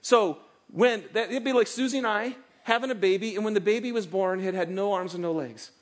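Male pastor, middle-aged, high-pitched voice, animated sermon delivery with acted-out asides. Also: fairly quick. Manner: animated, acts out quoted voices of God and listeners.

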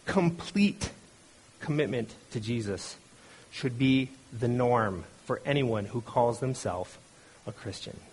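A man's voice: mid-range voice, animated, slow pace, slightly rough. A middle-aged man preaching a conversational sermon. He retells a story in a loose, storytelling way, with many restarts, and briefly acts out the voices he quotes. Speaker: pastor.

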